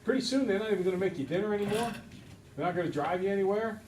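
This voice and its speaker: A man's voice: high voice, very fast, recorded from a distance, slight background noise, rough recording. A man teaching a math class, talking to students and acting out little scenes as he goes. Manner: animated storyteller, acts out voices. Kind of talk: classroom lecture.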